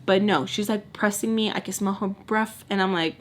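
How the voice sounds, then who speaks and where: A woman vlogger telling a storytime in a casual, animated way, acting out the people in it, swearing freely and dropping in Spanish words. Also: mid-range voice, normal speed, few pauses, a little hiss or hum. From Texas. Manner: animated, swears a lot, acts out voices, mixes in Spanish.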